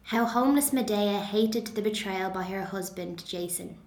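A woman from Dublin speaks with a neutral Dublin Irish accent at an average pitch. She reads steadily, then talks about herself in an easy way with plenty of ums. The sound bounces around an echoey room. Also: normal speed. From Dublin, Ireland. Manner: relaxed, with frequent ums. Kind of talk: reading a passage, then casual talk about her accent.

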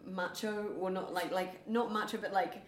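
A woman's voice: medium pitch, steady tone, normal speed. A young woman with a New Zealand accent chatting casually, rambling with many fillers. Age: young adult. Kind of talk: casual chat. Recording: echoey room.

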